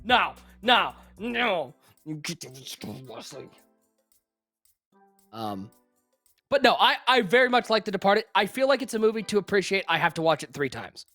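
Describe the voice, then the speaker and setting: A live-stream co-host rambles through casual chat, their voice leaping up and dropping back in an animated, loose way. They sit at a mid pitch and jump between bursts of excitement and quiet asides. Faint music runs in the background. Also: normal speed, no room sound.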